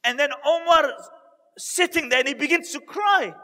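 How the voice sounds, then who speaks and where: Male preacher, very high and bright voice, earnest dramatic storytelling, long reverb. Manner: earnest, dramatic retelling with emotional pauses. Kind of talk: storytelling sermon.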